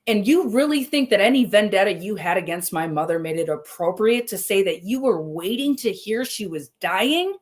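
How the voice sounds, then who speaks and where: A woman's voice: mid-range voice, expressive, moderate pace, hardly any pauses. A woman hosting a livestream, speaking in a heated, confrontational way and swearing often. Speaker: livestream host. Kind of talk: angry livestream address.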